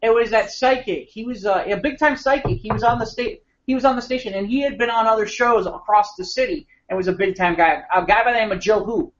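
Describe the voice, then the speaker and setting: A man co-hosting a podcast, telling an animated, rambling anecdote with frequent restarts. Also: high-pitched, fast, few pauses. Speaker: podcast co-host. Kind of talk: casual storytelling chat. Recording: slightly muffled podcast audio.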